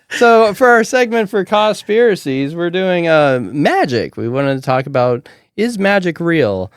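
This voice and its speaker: A man's voice: medium pitch, no room sound, clean studio sound. A man hosting a podcast, telling stories casually and acting out the people in them, with some swearing. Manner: animated, acts out quotes, casual swearing. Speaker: podcast host. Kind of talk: casual storytelling chat.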